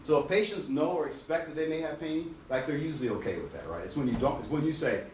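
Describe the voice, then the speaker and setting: A man giving a lively, jokey dental lecture, mimicking patients to make his points. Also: quick pace, few pauses, slight background noise. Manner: acts out patients in a high whiny voice, jokey. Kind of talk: animated classroom lecture. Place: lecture hall. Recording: echoey lecture hall, voice from a distance.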